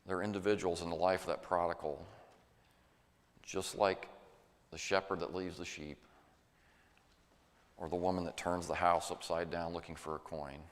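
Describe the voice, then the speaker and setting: A man's voice: low-pitched, flat delivery, normal speed, long pauses. A man preaching a sermon in an earnest, folksy way, sometimes acting out the voices he quotes. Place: church sanctuary. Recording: long church reverb.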